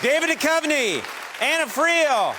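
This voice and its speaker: A man's voice: very high-pitched, big pitch swings, a little slow, crowd noise, background noise. A male talk show host wrapping up the show in an upbeat, announcing way. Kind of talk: closing the show. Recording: loud studio audience and band.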